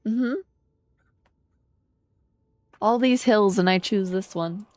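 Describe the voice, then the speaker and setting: A woman game streamer chatting casually on a live stream, relaxed and chatty, talking to her chat and humming along while she plays. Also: mid-range voice, takes it slowly, no echo.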